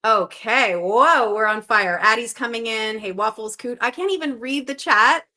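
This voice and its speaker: A woman's voice: fairly high pitch, moderate pace, pushed and bright. A young woman hosting a live puzzle stream, chatting casually and reading out viewers' guesses with upbeat energy. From Western Canada.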